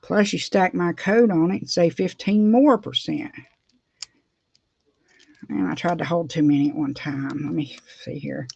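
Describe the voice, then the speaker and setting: A woman's voice: lowish voice, unhurried, vocal fry, a little mellow, breathy edge. A middle-aged woman, chatting casually and rambling with frequent laughs while doing her nails for a vlog. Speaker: beauty vlogger. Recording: dull dry lo-fi sound.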